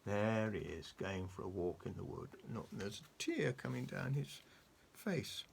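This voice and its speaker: A man reading a children's story aloud, animated and coaxing, stopping to ask the child questions. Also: fairly low pitch, a little slow, vocal fry, slight background noise.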